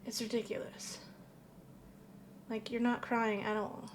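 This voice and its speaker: Reaction show host lady, highish voice, snarky and fed up, cussing a lot, bit of hiss in the bg. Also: level tone, unhurried. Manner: sarcastic, exasperated, swears freely. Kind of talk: casual reaction commentary.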